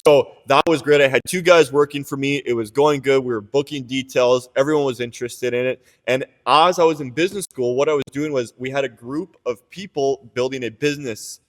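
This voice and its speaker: A young Canadian man tells his business story on a casual podcast, rambling and candid, with plenty of restarts, filler words and the occasional swear. His mid-range voice moves briskly with few pauses, and the room is reverberant.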